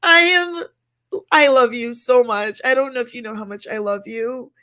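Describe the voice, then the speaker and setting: A woman's voice: on the high side, normal speed, sharp tone. An emotional woman chatting casually, effusive and gushing with thanks. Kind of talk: casual chat.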